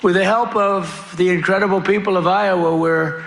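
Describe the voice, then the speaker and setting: A man's voice: high-pitched, fairly even intonation, normal speed, a bit bright. A man giving a rally speech in a large venue, boastful and repetitive, with rambling asides. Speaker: political rally speaker. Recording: crowd noise from a live rally. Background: cheering crowd and ambient noise.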